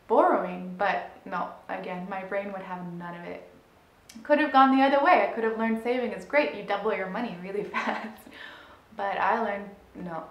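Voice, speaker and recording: Laughing and lively, a woman in her thirties tells a personal story in her role as a money mindset coach. At the exciting points she gets high and loud. The recording sounds echoey and roomy.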